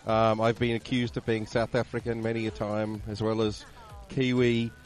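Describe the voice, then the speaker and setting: A man's voice: lowish voice, monotone, moderate pace, faint music behind. An Australian man in casual chat, making wry, dry jokes and often restarting his sentences.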